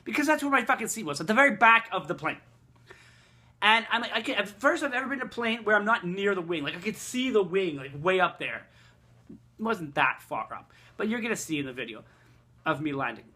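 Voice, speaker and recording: A vlogger telling a rambling, profane, exasperated travel story. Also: male voice, high voice, animated, brisk, bright, forceful tone. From Quebec, Canada. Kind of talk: casual storytelling rant.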